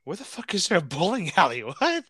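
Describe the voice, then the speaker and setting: A man's voice: high-pitched, a little fast, slightly rough, no room sound, clean studio sound. A young man, co-hosting a casual chat and telling stories with frequent laughter. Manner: laughs often, animated storytelling. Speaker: podcast co-host.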